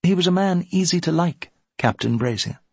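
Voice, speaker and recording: A man's voice: fairly high pitch, animated, moderate pace, vocal fry, breathy edge, no echo, voice pushed up, exaggerated voice. A man voicing a spirited young widow in a period story, light and teasing in manner. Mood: warm.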